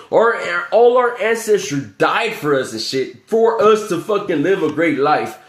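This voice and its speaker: A man rambles through a profane livestream rant, circling back to the same filler again and again. His voice sits a little high for a man, and it bounces around an echoey room. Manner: profane, repetitive, keeps saying "you know what I'm saying". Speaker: livestream host.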